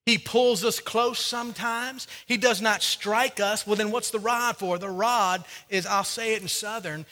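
A man preaching a sermon as pastor, repeating his key phrases and swinging between loud urging and quiet appeals. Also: sits high, steady tone, unhurried, hardly any pauses, in a large hall. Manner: preaching with rising and falling intensity, repeating phrases. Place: church sanctuary.

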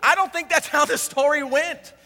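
Bright-voiced pastor preaching in an echoing hall. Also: male voice, extremely high pitch, fairly even intonation, moderate pace. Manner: dynamic, swings from loud emphasis to hushed tones. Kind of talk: sermon. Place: church sanctuary with a congregation. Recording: long hall reverb.

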